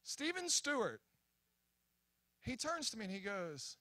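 A young man preaching at a church, telling a story in an animated, excitable way with many restarts and acted-out quotes. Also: very high-pitched, moderate pace, pauses often, no echo. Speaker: guest preacher. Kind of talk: sermon storytelling. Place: church sanctuary.

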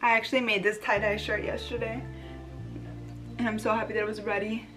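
A young woman chatting excitedly in a casual home beauty vlog, gushing and bubbly. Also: mid-range voice, fairly quick, over music. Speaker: beauty vlogger.

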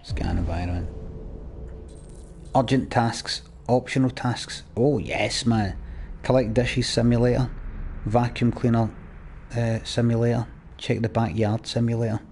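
A man's voice: mid-range voice, fairly even intonation, a little slow, darkish tone, soft background music. A Scottish man chatting and ranting as he plays a game, swearing freely. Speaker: gamer. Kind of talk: let's play commentary.

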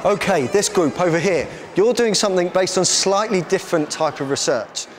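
A man presenting a live science show on stage, energetically bossing volunteers around and shouting instructions. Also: high voice, normal speed, faint music behind. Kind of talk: lively live science demonstration.

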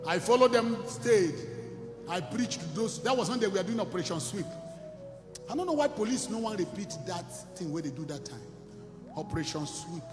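A man with a Nigerian accent, an evangelist preaching a sermon and telling his own story, moving between shouting and quiet storytelling. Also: high-pitched, lively intonation, moderate pace, roomy sound, in a large hall, over music. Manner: shifts between shouting, storytelling and singing, mixing Pidgin and Igbo. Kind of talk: sermon with testimony and sung worship.

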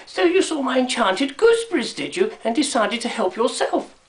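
A man's voice: sits high, measured pace, bright, forceful tone. A man voicing a stern old female dame who scolds and gives orders. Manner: stern, commanding.

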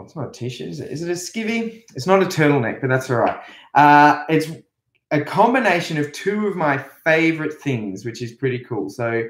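A man with an Australian accent teaching a playful remote music lesson to young children, chatting and leading songs with actions. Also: medium pitch. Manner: chatty, playful, sings and leads actions slowly. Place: echoey room. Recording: echoey room.

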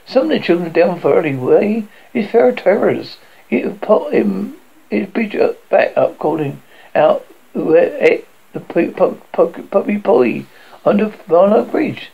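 A motherly, rough-spoken woman off a canal barge, as a man reading the story puts her on. Her voice sits higher than plain talk and rasps with gravel, rambling in ungrammatical dialect. The recording sounds dull and lo-fi. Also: big pitch swings, measured pace, full character voice. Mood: chatty.

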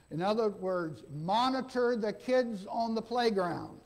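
A man's voice: high voice, sing-song, a little slow, few pauses, darkish tone. A man preaching a sermon as interim pastor, folksy and conversational, often checking in with the congregation and acting out the quoted dialogue. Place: church sanctuary.

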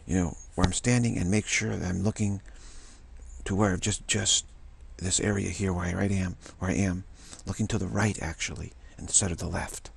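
Gravelly man rambling, spiritual talk. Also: low-pitched, steady tone. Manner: rambling and repetitive, with halting restarts. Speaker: spiritual vlogger.

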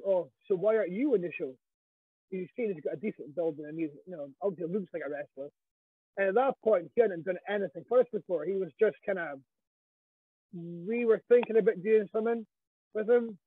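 Husky high-voiced Scottish man on a tinny line. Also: no room sound. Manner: animated, swears freely, quotes others. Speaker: wrestling guest. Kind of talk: casual storytelling interview.

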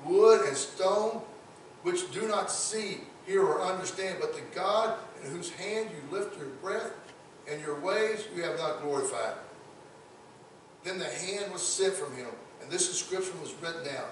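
A pastor preaches emphatically in a church sanctuary, often repeating words as he builds a point. His voice sits high and runs a little slow, with a little hiss or hum, and the distant mic picks up the sanctuary's echo.

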